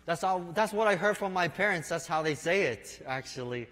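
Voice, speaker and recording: A man preaching a sermon in an unhurried storytelling way, speaking to listeners as his friends. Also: on the high side, expressive, fairly bright tone. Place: church sanctuary. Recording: long reverb of a large hall.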